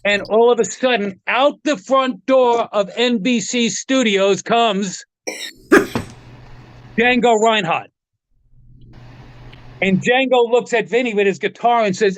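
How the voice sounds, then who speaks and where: A man's voice: high-pitched, measured pace, long pauses, no room sound. A middle-aged man, a guitar tech and interview guest, telling rambling anecdotes with frequent laughs and acting out the voices of the people he quotes. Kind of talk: casual storytelling interview.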